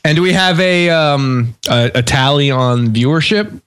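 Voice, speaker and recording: A man's voice: a little high, expressive, measured pace, a bit bright, smooth. Inquisitive radio co-host man. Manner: curious, asking questions. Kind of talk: casual chat.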